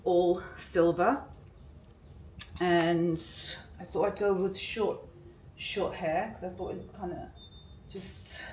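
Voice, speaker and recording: A woman's voice: fairly low pitch, darkish tone. A young British woman chatting to camera in a gushing, chatty fashion vlog, full of fillers. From Britain. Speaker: fashion vlogger. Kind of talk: casual vlog chat to camera. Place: indoors and in a car. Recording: echoey, from a distance, faint noise.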